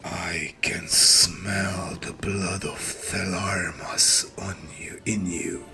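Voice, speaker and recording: A man putting on a gargantuan ancient bronze she-dragon, wrathful and proud, for a tabletop game. She speaks in a very deep, slow, breathy whisper. Music plays clearly beneath her voice. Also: fairly even intonation, exaggerated voice. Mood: menacing whisper.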